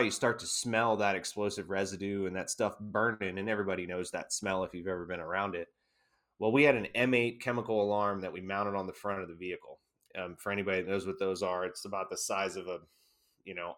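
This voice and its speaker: A man, an army veteran guest, casually telling an animated anecdote and often laughing. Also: low voice. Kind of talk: casual storytelling.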